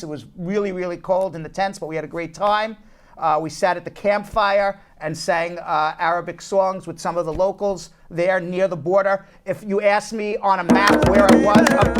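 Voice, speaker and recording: A man hosting a casual talk show from a law office, telling stories animatedly and often repeating words as he restarts. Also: high voice. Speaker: host, immigration attorney.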